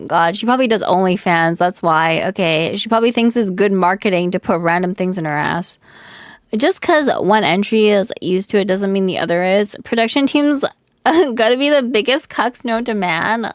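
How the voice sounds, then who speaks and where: A young woman streamer riffs on clips in blunt, profane commentary. Her voice sits at a middle pitch. The sound is close and dry. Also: moderate pace, dry recording. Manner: blunt and profane, talks to chat.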